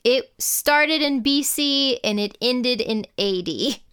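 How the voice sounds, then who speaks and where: A woman's voice: a little high, expressive, slow pace, fairly bright tone, clean tone. A woman co-hosting a casual history podcast, reading out prepared facts and then cracking dry jokes. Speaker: podcast co-host.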